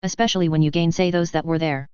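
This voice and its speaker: A woman's voice: deep voice, fairly even intonation, fast, darkish tone, clean tone, no room sound, natural voice. A woman voicing a resentful young nobleman with a sneering, mocking manner, in a dull, dry lo-fi recording.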